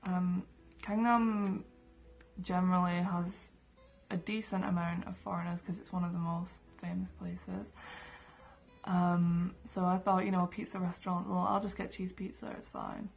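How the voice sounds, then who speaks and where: A woman's voice: lowish voice, little pitch movement, a little slow, creaky, soft background music. A young woman from England, telling stories to camera in her room in a chatty way full of fillers. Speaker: vlogger. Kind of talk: casual storytelling to camera.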